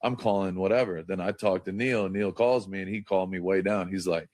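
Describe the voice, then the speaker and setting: A man's voice: sits low, steady tone, brisk, a little mellow, no room sound. A man telling a story in an interview in a rambling, casual way, full of fillers and swearing. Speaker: interview guest, pro football player.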